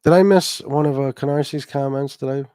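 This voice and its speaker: A man's voice: medium pitch, a little fast, dark tone, smooth, dry recording, studio quality. A man hosting a casual livestream with a stuffed-up nose, rambling, swearing and reading viewers' chat comments aloud. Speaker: livestream host.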